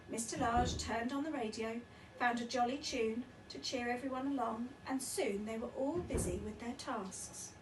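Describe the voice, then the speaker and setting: A woman teacher reading a picture book aloud with lively, expressive storytelling. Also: on the high side, moderate pace, roomy sound, far from the mic, a little hiss or hum, poor audio.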